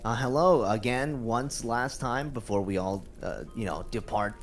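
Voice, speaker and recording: A man's voice: medium pitch, unhurried, soft background music. A man streamer introducing himself playfully and joking with mock swagger. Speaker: VTuber streamer, guest. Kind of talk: casual chat.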